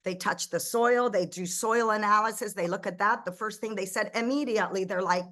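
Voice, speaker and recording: A middle-aged woman from Egypt, raised in the United States, is a ministry founder guesting in a conversational interview. She speaks at medium pitch, a little fast, with hardly any pauses, telling stories animatedly, often restarting sentences and quoting dialogue.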